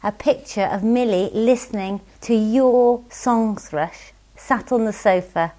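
A woman's voice: on the high side, takes it slowly, dark tone. A woman hosting a casual podcast, chatty and giggly, reading out listener emails. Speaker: podcast host.

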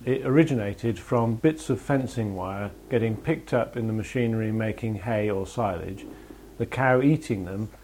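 Matter-of-fact farmer, lowish voice. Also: male voice, normal speed, darkish tone, slight background noise. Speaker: farmer and regular guest. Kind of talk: casual explanation.

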